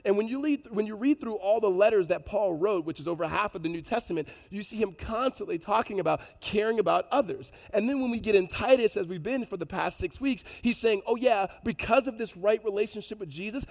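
A man preaching a sermon in a conversational storytelling way, animated, with many fillers and restarts. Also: sits high, brisk, vocal fry, hardly any pauses, long reverb tail. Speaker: pastor.

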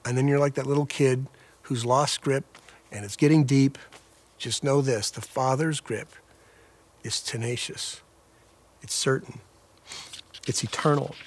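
A man's voice: mid-range voice, steady tone, a little slow. A man preaching a sermon as a pastor, earnest, with a repetitive cadence that rises and falls in intensity.

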